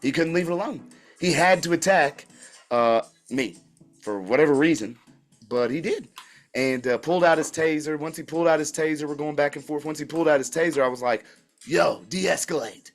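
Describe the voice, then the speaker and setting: A man hosting his own channel tells a story in a casual, animated way, full of slang and remarks aimed straight at his listeners. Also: a little high, brisk, faint music behind. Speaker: channel host.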